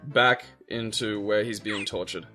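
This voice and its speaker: A man's voice: lowish voice, fairly even intonation, unhurried, bright, forceful tone, soft background music. A man giving rambling, jokey commentary over a video game. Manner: rambling, jokey, lots of fillers. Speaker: let's play commentator. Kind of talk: casual gameplay commentary.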